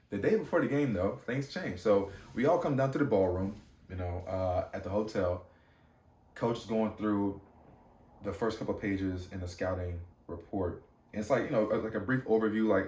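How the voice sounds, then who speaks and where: Young male podcast host, low voice, casual slangy storyteller, roomy off-mic sound. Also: moderate pace, distant mic. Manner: animated, slangy, many fillers and restarts. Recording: echoey room, off-mic.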